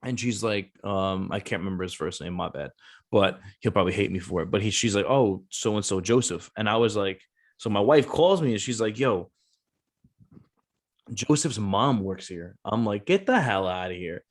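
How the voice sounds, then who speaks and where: A man's voice: lowish voice, animated, moderate pace. A man, a Marine gunnery sergeant and former recruiter, talking casually on a podcast, blunt and cursing freely as he acts out the voices in his stories.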